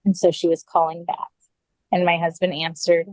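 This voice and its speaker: A woman sits as a podcast guest and tells a personal story in a loose, conversational way. Her voice sits low for a woman and sounds dry and close, with no room around it. She leans on "like" and quotes each person's words as she goes. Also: flat delivery, normal speed, a little mellow, no echo, rough recording. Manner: casual, full of "like" and quoted dialogue.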